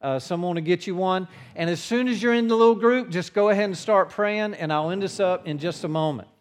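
A man preaching a sermon to his congregation in a church, earnest in tone and dropping his voice low for the quiet passages. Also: a little fast. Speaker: pastor.

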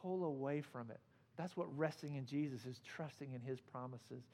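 A man preaching a sermon as pastor, earnest and conversational with gentle humor. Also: mid-range voice, moderate pace.

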